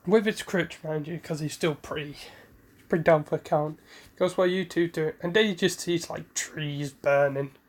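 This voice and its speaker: A man's voice: fairly high pitch, moderate pace. Man casually retelling a fan story. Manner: rambling, self-correcting.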